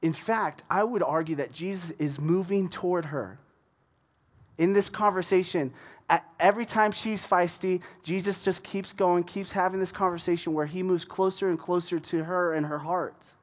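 A man giving a casual Bible teaching, animated as he retells the scripture in everyday words. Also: sits high, normal speed.

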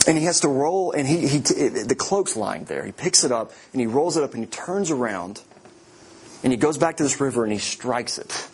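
A man's voice: mid-range voice, animated, moderate pace, a little hiss or hum. Man preaching a storytelling sermon. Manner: storytelling, repeats and restarts words. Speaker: pastor.

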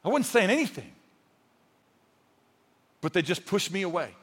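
A man's voice: high voice, very animated, moderate pace. A male pastor preaching a sermon in a conversational, storytelling way, with humor and rising emphasis. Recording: long hall reverb.

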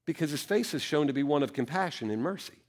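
A man's voice: a little high, expressive, fast talker. A male pastor preaching a sermon, reading scripture aloud and then explaining it earnestly, rising for emphasis.

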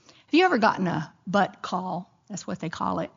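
On a dull, lo-fi recording, a middle-aged women's Bible teacher shares a personal story within her sermon, performing the voices in her quotes. She speaks at a moderate pace in a lowish, husky voice with vocal fry and big pitch swings.

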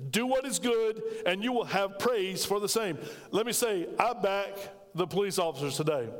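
A man's voice: high voice, normal speed, big-room sound. A man, a pastor preaching an emphatic, conversational sermon that calls out to his congregation. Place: church sanctuary.

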